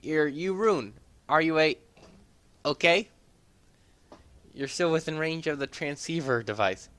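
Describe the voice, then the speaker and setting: A man voicing a capable young woman scout who speaks briskly and matter-of-factly. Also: a little high, a bit bright, clear, resonant tone, pitched above the performer's own voice. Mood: tense.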